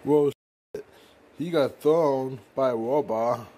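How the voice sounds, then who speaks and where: Man, slow delivery, jumpy startled outbursts in an amateur fan drama. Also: mid-range voice, warm tone. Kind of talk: improvised fan drama voicing.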